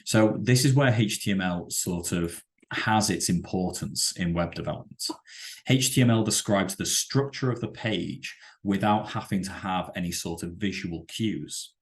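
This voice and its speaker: A man teaching a web development lesson over a screen-share, explaining with halting, self-correcting sentences and many fillers. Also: deep voice. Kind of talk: screen-share coding tutorial.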